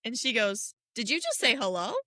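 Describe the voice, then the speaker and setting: Sassy young woman, bright voice. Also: fairly high pitch, sing-song, moderate pace, no room sound, studio quality. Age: young adult. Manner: sassy slangy asides, calls people girl. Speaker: podcast co-host. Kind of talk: casual film rewatch chat.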